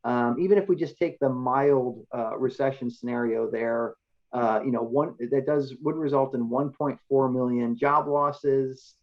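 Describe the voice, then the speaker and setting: A man's voice: mid-range voice, measured pace, muffled recording. A male economist giving a slide presentation in a conversational, explanatory way, often checking in with the audience.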